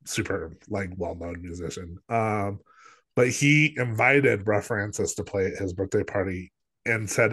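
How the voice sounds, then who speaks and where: This man co-hosts a podcast in a fairly low, slightly rough, fairly bright voice at a measured pace. Reviewing films casually, he rambles, leans on filler words, and acts out others' lines.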